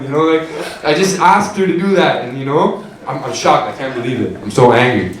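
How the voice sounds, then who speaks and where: A young man telling a profane, animated stand-up story on a comedy club stage. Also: a little high, brisk, far from the mic. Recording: echoey club with crowd laughter. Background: audience laughter.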